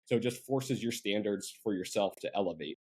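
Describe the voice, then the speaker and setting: A man's voice: on the low side, brisk, darkish tone, breathy edge. A man from central Pennsylvania, a marketing agency owner, chatting casually as a podcast guest with lots of fillers and asides. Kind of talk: casual interview chat.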